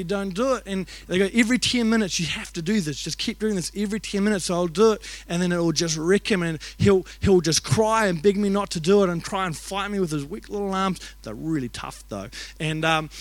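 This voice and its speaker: A man with a high-sitting voice, recorded with no echo, preaches at a church service. His sermon is an emotional personal story told earnestly and conversationally, packed with "like" and side remarks.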